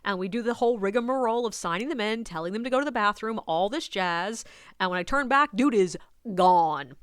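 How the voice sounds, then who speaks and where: A woman's voice: medium pitch, animated, a little fast, smooth, dry recording, studio quality. A woman, a ghost tour guide, telling a personal story in a casual, wry way and acting out her own replies. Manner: conversational, wry, quotes herself.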